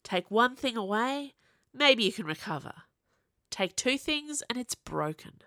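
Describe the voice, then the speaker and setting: A woman reading her own fiction aloud in a wry, expressive storytelling voice for a podcast. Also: on the high side, a little slow, no room sound, studio quality. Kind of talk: audiobook story narration.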